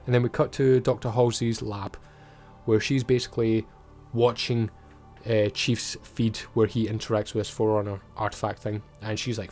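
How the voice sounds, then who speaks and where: A man's voice: lowish voice, flat delivery, moderate pace, a little mellow, faint music behind. Blunt, sweary Scottish man. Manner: blunt, swears freely, chatty. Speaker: TV show reviewer. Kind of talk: casual episode recap.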